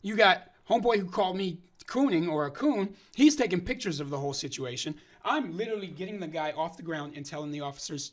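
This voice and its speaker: A man with a slightly high voice tells a story in casual talk. He acts out what others said with lively energy. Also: quick pace, hardly any pauses. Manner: animated storyteller, acting out quoted lines.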